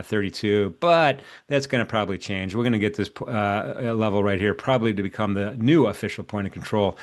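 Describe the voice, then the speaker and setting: A man hosting a live trading show, walking through market levels in a casual, rambling way with many fillers and restarts. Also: fairly low pitch. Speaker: market strategist and show host. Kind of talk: live trading analysis chat.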